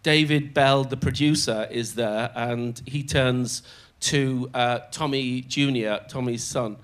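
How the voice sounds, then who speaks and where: An older man telling show-business anecdotes as a guest on stage, animated and often laughing as he slips into other people's voices. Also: mid-range voice, slow. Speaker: comedian guest. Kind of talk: storytelling anecdotes in conversation. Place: on stage in a theatre before a live audience.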